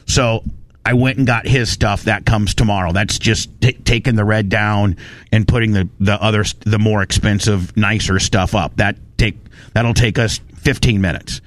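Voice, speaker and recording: A man hosting a radio show, telling a story in a fired-up, animated rant and quoting people as he goes. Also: fairly low pitch, moderate pace. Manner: animated, fired-up, quotes people in his retelling. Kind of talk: casual on-air storytelling rant.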